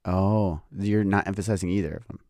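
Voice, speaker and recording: Brief: adult male podcast guest, very deep voice, relaxed and laughing easily, dry close-miked sound. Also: brisk, no echo. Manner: easygoing, laughs often. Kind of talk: casual podcast chat.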